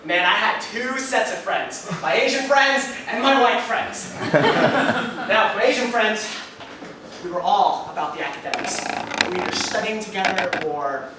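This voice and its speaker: A man in his twenties performing a one-man stage monologue, telling his story with animated asides to the audience. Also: sits high, measured pace. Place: live theater stage with audience. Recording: echoey stage recorded from far off with audience noise.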